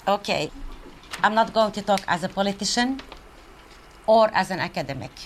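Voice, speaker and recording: An older woman from Palestine giving a public speech, conversational and animated, with pauses and fillers. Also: medium pitch, slight background noise. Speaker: guest speaker, professor.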